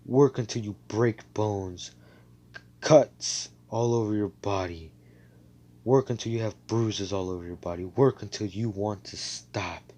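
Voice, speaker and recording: A man's voice: fairly low pitch, unhurried, warm tone. A man voicing a determined young male warrior in a fan story, earnest and insistent, hammering his point home through repetition. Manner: earnest, insistent, repeating himself for emphasis.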